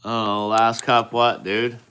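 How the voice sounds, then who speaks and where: A man's voice: mid-range voice, flat delivery, a little slow, pushed and bright, clear, resonant tone. A man chatting casually with viewers on a live stream, teasing and swearing at them in an offhand way.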